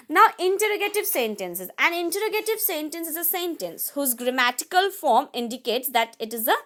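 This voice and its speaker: High-voiced woman teaching English grammar. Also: fairly bright tone. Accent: Indian English. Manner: explains step by step, often says "okay, students". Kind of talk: online grammar lesson.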